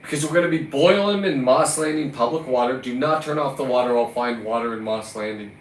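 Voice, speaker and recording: Talking fast in a mid-range voice, a lobster fisherman from California goes on a profane, combative vlog rant, scolding the lobsters he pulled up. The recording sounds roomy, with a distant mic and faint ambient noise.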